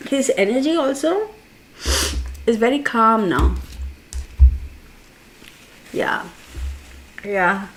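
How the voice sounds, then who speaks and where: A woman's voice: fairly high pitch, animated, drawn-out words, long pauses, fairly bright tone, slight background noise. A woman hosting a tarot live stream, chatting casually, rambling through a story and reading out viewer comments. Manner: laughs as she tells a personal story.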